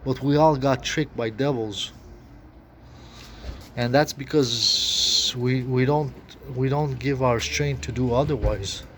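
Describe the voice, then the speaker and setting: A man rambling in halting, full of fillers and restarts, recorded outdoors near his tent. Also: mid-range voice. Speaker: vlogger. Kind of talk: rambling spoken monologue. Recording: noisy outdoor recording with passing traffic. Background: outdoor ambience and vehicles.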